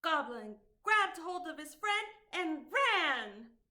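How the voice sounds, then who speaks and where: A librarian reads a picture book aloud to children with a bright, sing-song lilt. Her voice is high and swoops freely through each sentence. She takes her time, savoring every line. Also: slow. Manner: expressive, sing-song reading. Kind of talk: storytime read-aloud.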